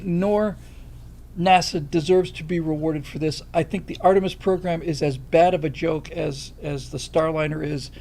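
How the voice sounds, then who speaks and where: A man's voice: on the high side, creaky, darkish tone. An older man from the United States hosting a livestream, talking bluntly and emphatically, reading out and thanking viewer donations. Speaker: livestream host. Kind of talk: casual opinionated livestream talk.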